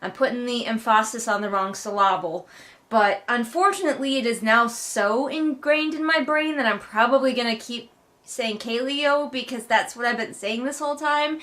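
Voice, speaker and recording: Sarcastic woman, fairly high voice, casual book recap with dry jokes and swearing. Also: a bit bright. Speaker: book read-along host.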